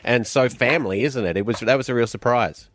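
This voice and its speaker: A man's voice: mid-range voice, brisk, fairly bright tone, slight background noise. A man co-hosting breakfast radio, chatting casually with a guest.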